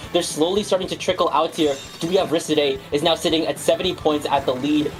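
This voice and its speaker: A man casting an online video game tournament, calling the action play by play with a wry, energetic delivery. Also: fairly high pitch, poor audio. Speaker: play-by-play caster. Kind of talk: esports commentary.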